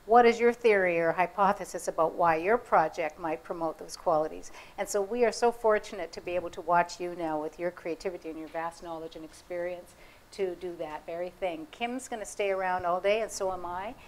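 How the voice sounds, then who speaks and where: A woman moderator running a conference session, brisk and gracious as she keeps time and thanks the speaker. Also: on the low side, low-quality recording. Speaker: event moderator. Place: conference room.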